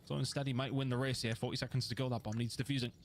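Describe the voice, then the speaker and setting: A man giving rapid, excitable play-by-play commentary on an esports match, voice rising sharply on big plays. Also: medium pitch, slight background noise. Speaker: esports caster.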